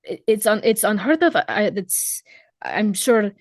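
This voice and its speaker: A woman voicing a young adventurer in her own voice, speaking softly and hesitantly with stammers. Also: mid-range voice, big pitch swings, a little slow, no echo. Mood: consoling. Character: gentle young adventurer comforting a stranger.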